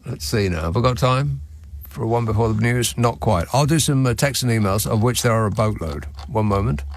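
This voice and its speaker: A man's voice: medium pitch, a little fast, slight background noise. A man hosting a late-night radio phone-in, reading texts with sardonic, dry asides. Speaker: radio talk show host. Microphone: studio microphone.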